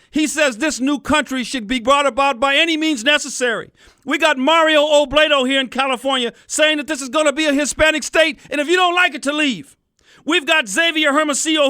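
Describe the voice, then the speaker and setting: Angry, bright-voiced talk radio man. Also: very high voice, no room sound, clean studio sound. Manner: angry, fired-up ranting, addresses listeners as folks. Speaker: radio talk show host. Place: radio studio.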